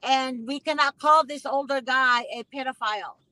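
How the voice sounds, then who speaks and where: High bright-voiced woman host, emphatic and indignant, dry close sound. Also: moderate pace, dry recording, rough recording. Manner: emphatic, repeats phrases, indignant. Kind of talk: casual conversation.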